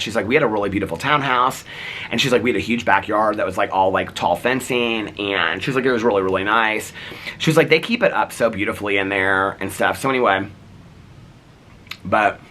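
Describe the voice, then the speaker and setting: Animated rambling man telling neighbor stories. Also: on the low side, a little hiss or hum. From United States. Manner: animated, rambling, lots of "like" fillers. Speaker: vlogger. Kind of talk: casual storytelling.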